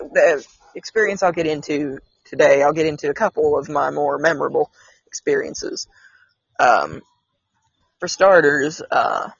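A man's voice: on the high side, fairly bright tone, slightly rough, no room sound. A man hosting a casual podcast, telling his own experiences in a rambling, hesitant way with many restarts. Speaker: podcast host. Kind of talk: casual storytelling chat. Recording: slightly dull, dry sound.

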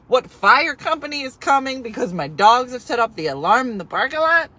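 A woman telling a story on a live stream as a casual rant, exasperated and animated, swinging from quiet asides to loud outbursts. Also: sits high, fairly quick, hardly any pauses, breathy edge, rough recording.

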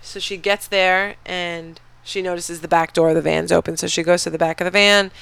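A podcast host rambling through a movie recap, swearing freely and padding it out with "um" and "you know". The voice has a gravelly fry, yet its tone stays smooth and clear. The recording is dry and close-miked. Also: medium pitch, level tone, a little fast, fairly bright tone, dry recording. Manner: rambling, profane, filler-heavy storytelling. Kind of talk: casual movie recap chat.

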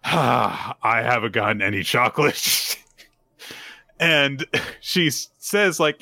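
A man's voice: mid-range voice, expressive, takes it slowly, creaky, sharp tone, dry recording. A man co-hosting a podcast, casually recapping manga chapters and acting out the characters' lines. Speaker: podcast co-host.

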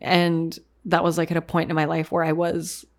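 Candid, lower-pitched woman from Canada. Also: monotone, moderate pace. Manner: candid, rambling, laughs at herself. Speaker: vlogger sharing personal story. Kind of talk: casual storytelling to viewers.

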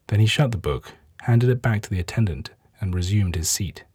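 Brief: male narrator for scripture audiobook, dark mellow tone, dry close sound. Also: fairly low pitch, husky, dry recording. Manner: steady, measured reading. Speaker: scripture reader.

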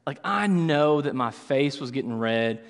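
A man's voice: medium pitch, animated, a little slow. A man, likely in his thirties, preaching a sermon with casual storytelling and frequent filler words. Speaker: pastor. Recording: long hall reverb.

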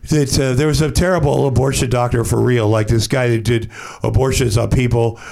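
A middle-aged man, a podcast guest, telling a rambling story in a casual, animated way and acting out the quotes. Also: mid-range voice, brisk, gravelly.

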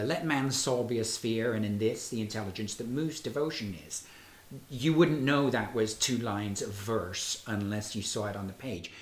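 A man hosting a scholarly discussion, talking in a wry, lively way with frequent restarts. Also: mid-range voice. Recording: roomy echo.

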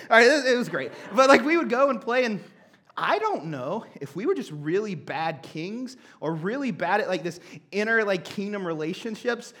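A young man preaching a sermon, telling a childhood story with animated, conversational energy. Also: high-pitched. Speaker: pastor.

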